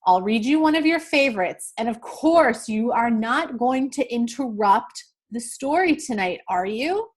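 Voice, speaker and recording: A woman's voice: on the high side, expressive, measured pace, few pauses. A woman reading a patient storybook papa. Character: patient gentle papa chicken. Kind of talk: storybook read-aloud.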